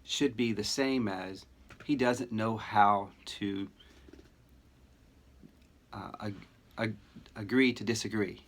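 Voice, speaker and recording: A middle-aged man giving a recorded lecture to teachers, earnest and emphatic, with deliberate pauses. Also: lowish voice, fairly even intonation. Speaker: teacher educator.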